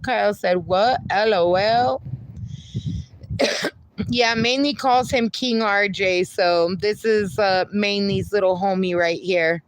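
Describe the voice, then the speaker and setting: A woman's voice: mid-range voice, slow, no room sound. A woman hosting a casual livestream, reading viewer comments aloud, playful and laughing often. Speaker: livestream host reading chat.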